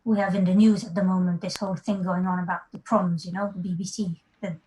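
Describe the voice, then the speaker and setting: A woman's voice: on the low side, flat delivery, fast talker, darkish tone, slight background noise, rough recording. A woman with a slight French accent, a guest in a casual interview, chatting freely with frequent fillers and light laughter. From Africa and France.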